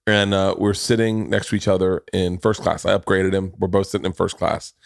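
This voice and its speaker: A man in his forties with a fairly low voice, hosting a casual podcast. He rambles through self-deprecating stories, stumbling and restarting as he goes, recorded close and dry with no room sound. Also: level tone, brisk, vocal fry, no room sound. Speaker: podcast host.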